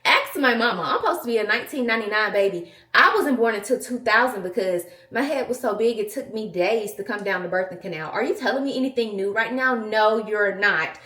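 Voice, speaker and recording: A woman's voice: medium pitch, expressive, a little fast, few pauses, sharp tone, echoey room. A woman, chatting sassily and emphatically to camera as a vlogger. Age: 20s. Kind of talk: casual chat to camera.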